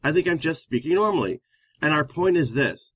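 Male co-host, slightly high voice, emphatic advice-giver, dry close sound. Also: brisk, slightly rough, dry recording. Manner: animated, emphatic storytelling. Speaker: relationship counselor co-host. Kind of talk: casual advice chat.

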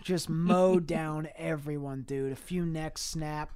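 A man's voice: fairly high pitch, fairly even intonation, slow pace, a crowd in the background. Profane man rambling through an absurd story. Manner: rambling, profane, frequent laughing asides. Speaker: podcast co-host. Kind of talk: improvised comedic storytelling.

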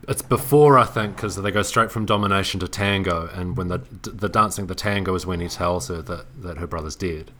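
Deep-voiced man recapping a plot, halting. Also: fairly bright tone, slight background noise. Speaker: film podcast co-host. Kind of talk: casual chat.

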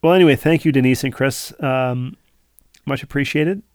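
A man's voice: mid-range voice, moderate pace, no echo, clean studio sound. A man co-hosting a podcast, reading listener emails aloud and wandering off into rambling asides in casual chat. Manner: rambling, digressive, full of asides. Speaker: podcast co-host.

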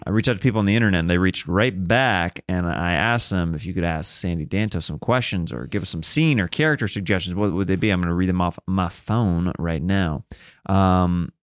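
Deep-voiced man hosting a casual podcast. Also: brisk. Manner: loose, joking, filler-heavy. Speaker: podcast host. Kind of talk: casual chat.

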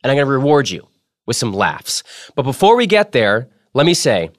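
Male podcast host, casual and jokey, dry close-mic studio sound, mid-pitched voice. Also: big pitch swings, moderate pace, no echo. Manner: playful, jokey, self-mocking.

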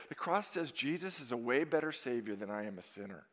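A man preaching a sermon to his congregation, emphatic and dynamic, swinging from loud stresses down to hushed asides. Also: medium pitch, animated, fairly quick, few pauses. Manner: emphatic, dynamic preaching with sudden drops to near-whisper. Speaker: pastor. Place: church sanctuary. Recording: long reverb of a church sanctuary.

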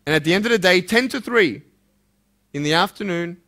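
A man giving a motivational speech to a school audience, impassioned, firing rhetorical questions and swinging between loud urging and hushed intensity. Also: high voice, expressive, brisk. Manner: direct rhetorical questions to listeners. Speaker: motivational speaker.

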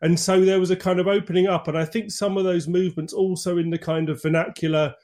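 A man's voice: high-pitched, little pitch movement, fast talker, darkish tone. A man speaking as an academic guest, analytical and full of "kind of" fillers. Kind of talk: analytical discussion.

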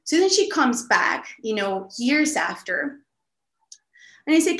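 A woman telling a story casually on a podcast, animated and full of "like" fillers. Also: on the high side, unhurried. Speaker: podcast guest. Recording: echoey room.

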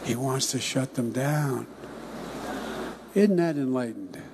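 An older man giving a political speech in a folksy, emphatic way, often dropping into hushed asides. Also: mid-range voice, slow, background noise. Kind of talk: political campaign-style speech.

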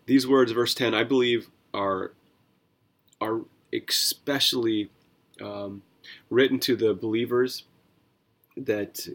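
A man's voice: medium pitch, steady tone, slow pace, pauses often, a bit bright. A man hosting a devotional Bible podcast, talking in an earnest, conversational way with asides and self-corrections. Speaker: podcast host.

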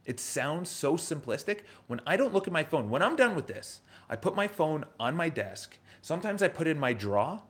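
This livestream host, a man in his thirties with a New York accent, speaks in a slightly high, sing-song, somewhat bright voice, fairly quick with few pauses. His casual motivational talk is emphatic and repetitive, full of rhetorical questions.

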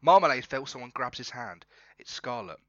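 Male storyteller, very bright tone, dry and slightly muffled recording. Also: medium pitch, lively intonation, normal speed, no room sound. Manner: often breaks into laughter while narrating. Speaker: storyteller and co-host. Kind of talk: reading a comic interactive story.

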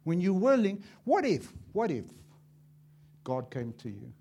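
A man preaching a sermon as an evangelist, impassioned and swinging from loud to hushed, acting out little dialogues as he tells stories. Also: high voice, wildly swooping pitch, measured pace, vocal fry, slight background noise. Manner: acts out dialogue in storytelling.

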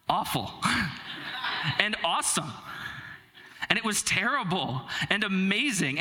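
Young male preacher, chatty and self-deprecating, high bright voice. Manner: conversational, self-deprecating storytelling with filler words. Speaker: pastor. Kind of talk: sermon with personal story.

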